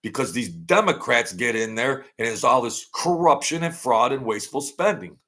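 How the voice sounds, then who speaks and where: A man's voice: mid-range voice, expressive, normal speed, bright, forceful tone. A man hosting his own channel, delivering an emphatic, repetitive political rant and mocking his opponents in a put-on whine. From Italian-American family. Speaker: political commentary host.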